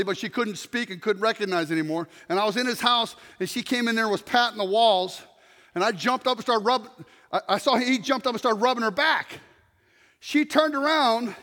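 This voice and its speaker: A man preaching a sermon and telling stories, swinging between loud shouts and hushed, near-whispered passages. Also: high voice. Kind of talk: sermon storytelling. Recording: long reverb of a large hall.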